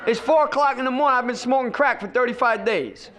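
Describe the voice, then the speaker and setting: Middle-aged man, recovery speaker; high, bright voice, emphatic and repetitive, addresses the audience directly. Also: fast talker, a little hiss or hum. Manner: emphatic storytelling, repeats phrases for effect. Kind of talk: personal recovery testimony to an audience.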